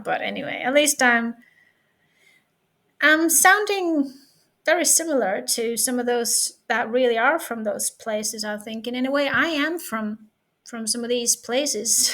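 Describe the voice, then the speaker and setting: Norwegian woman vlogger, high voice, playful and giggly, on a webcam at home. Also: pushed and bright. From Norway. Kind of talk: casual vlog chat.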